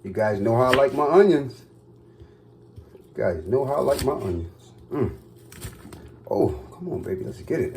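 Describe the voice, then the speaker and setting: Excitable man cooking for his viewers. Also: medium pitch, normal speed, long pauses, noisy background. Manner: excitable, talks straight to viewers. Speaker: cooking vlogger. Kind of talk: casual cooking vlog. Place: home kitchen.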